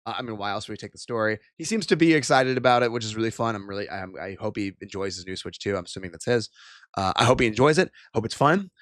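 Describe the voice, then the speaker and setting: A man's voice: lowish voice, animated, fast talker, a bit bright, dry recording, studio quality. A young man streaming, ranting and swearing in exasperated commentary.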